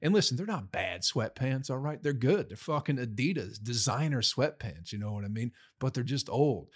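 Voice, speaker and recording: A man's voice: mid-range voice, expressive, moderate pace, husky. A man telling stories in a casual, rambling monologue, full of swearing, recorded in a room at home. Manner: profane, rambling and laid-back. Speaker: touring comedian recapping shows.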